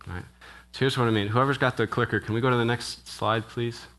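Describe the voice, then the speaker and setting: A man's voice: mid-range voice, steady tone, fast talker, a bit bright. A man preaching a sermon in a church as minister. He speaks conversationally and keeps asking the congregation questions, often tagging "right?". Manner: asks the congregation questions, with frequent "right?" tags; conversational, with restarts and brief laughs. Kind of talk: interactive sermon.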